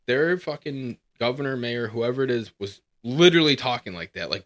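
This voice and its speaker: A man hosting a casual, profane chat, telling animated stories and acting out the people in them. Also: medium pitch, normal speed, hardly any pauses. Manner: profane, animated storytelling with laughs; acts out quoted people in shifting voices. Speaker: podcast host. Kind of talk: casual bar-room chat.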